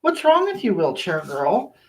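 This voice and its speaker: Woman as a self-flattering online diva, live-stream chat, gushes at fans and sasses haters. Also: mid-range voice, unhurried. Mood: chatty. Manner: gushing and self-flattering, sassy toward critics. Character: vain, sassy woman livestreaming to fans. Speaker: livestream host. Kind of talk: live-stream chat reading viewer comments. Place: small bathroom.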